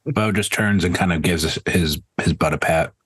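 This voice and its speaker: Brief: male player, low husky voice, dry teasing quips. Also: normal speed, a bit bright, dry recording. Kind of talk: casual tabletop play.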